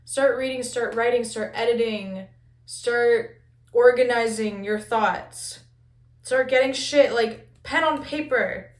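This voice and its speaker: A young woman giving a casual pick-a-card tarot reading, talking fast and loose with lots of "like" and casual swearing. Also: on the high side. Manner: chatty, frequent "like", swears casually. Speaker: tarot reader. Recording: echoey room.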